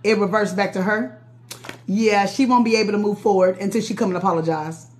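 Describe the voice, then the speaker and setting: A woman's voice: medium pitch, steady tone, brisk, darkish tone. A woman, giving a casual live-stream tarot reading, chatty with viewers and often laughing. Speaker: tarot reader.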